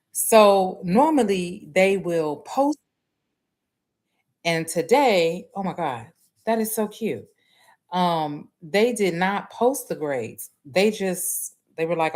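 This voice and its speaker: A woman who is an adult nursing student hosts a livestream, recounting a story to viewers with animation and frequent laughter. She talks slowly in a lowish voice, using Southern US dialect grammar.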